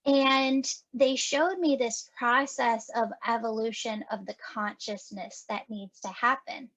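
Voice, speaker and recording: Chatty woman podcast host with a slightly high voice, telling animated stories with acted-out dialogue; dry, close recording. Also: slow pace, no room sound. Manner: animated, acts out quoted dialogue with laughs. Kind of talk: casual conversational storytelling.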